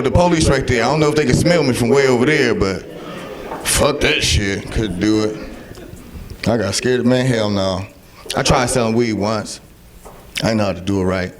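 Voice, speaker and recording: A young man performing a loud, profane stand-up set with crowd work on a club stage. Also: medium pitch, moderate pace. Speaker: stand-up comedian. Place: comedy club stage with audience. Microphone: handheld stage mic. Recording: live club, audience laughing. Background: audience laughter.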